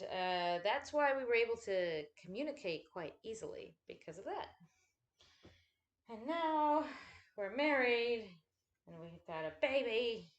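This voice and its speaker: A woman's voice: mid-range voice, lo-fi sound. A woman chatting casually at home while folding laundry, rambling and swearing freely with self-deprecating asides.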